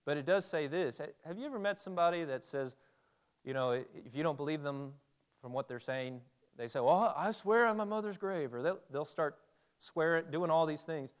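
A man's voice: fairly high pitch, brisk, smooth. Man preaching a conversational sermon. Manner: conversational, asks the audience questions.

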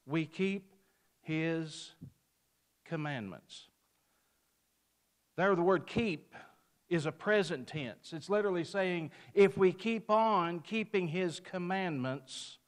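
A man giving an emphatic sermon-style Bible lesson, lifting his voice on quoted verses and dropping it at the ends of phrases. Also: a little high. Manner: mimics a picky customer in a folksy aside. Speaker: preacher.

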